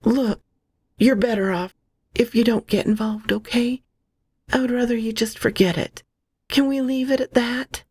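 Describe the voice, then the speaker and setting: Lady doing a shaky scared young woman, soft and high, stumbles on her words, begging. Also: fairly even intonation, slightly rough, dry recording. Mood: evasive. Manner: pleading, halting and soft. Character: frightened young woman, tearful.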